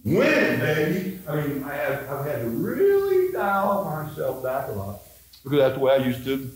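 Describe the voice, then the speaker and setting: A middle-aged man, a pastor teaching Bible study in a folksy, animated way, acting out quotes. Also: medium pitch, moderate pace.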